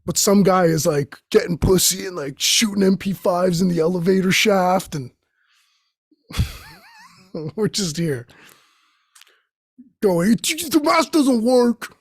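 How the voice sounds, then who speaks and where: A man's voice: high voice, a little slow, pauses often, slightly rough, no room sound, studio quality. A young man hosting his own show, riffing profanely in a rambling comedic monologue that jumps between tangents. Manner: profane, tangent-jumping, acts out quoted voices. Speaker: host.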